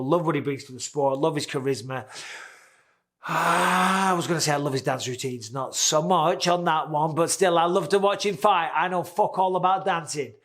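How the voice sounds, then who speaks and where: A man's voice: on the high side, a bit bright. A man in his forties hosting a casual, candid sports commentary, chatty and swearing now and then. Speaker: host.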